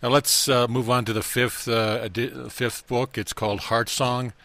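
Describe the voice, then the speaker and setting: A man hosting a casual interview, moving the talk along in a relaxed way. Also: medium pitch, normal speed, no echo. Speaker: podcast host.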